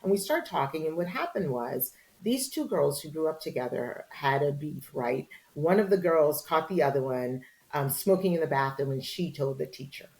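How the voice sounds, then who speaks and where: A woman's voice: low-pitched, moderate pace, low-quality recording. A middle-aged woman, a journalist and author, telling a story in a candid interview and acting out the voices of the people in it. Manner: animated storyteller, acts out quoted voices.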